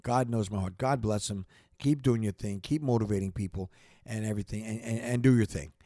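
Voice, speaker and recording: A podcast host with a lowish, warm voice talks fairly quickly in a studio-quality recording without room sound. His motivational talk is passionate and repetitive, rising in intensity and circling back, and after getting worked up he apologizes.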